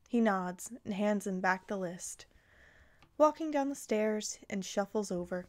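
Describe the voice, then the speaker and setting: A woman reading a fan fiction story aloud in a gentle, even storytelling voice. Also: mid-range voice, measured pace.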